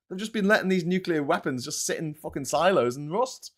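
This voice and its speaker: A man in his forties with a Scouse accent rants on a casual live stream. He swears freely and gets fired up as he goes, and his voice sits a little high for a man. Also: animated, a little fast, few pauses, fairly bright tone. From Liverpool, England. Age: 40s. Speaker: host.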